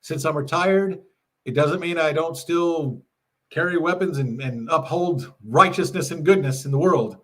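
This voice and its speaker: A middle-aged man's fairly high voice moves at a slightly slow pace as he hosts a laid-back livestream from his home RV. He's chatty, laughs a lot, and reads viewers' messages aloud.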